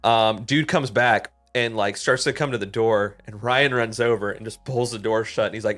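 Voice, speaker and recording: A man's voice: lowish voice, moderate pace, hardly any pauses, soft background music. Swearing man telling a story. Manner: animated, swears a lot, heavy use of "like". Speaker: podcast co-host. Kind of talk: casual storytelling chat.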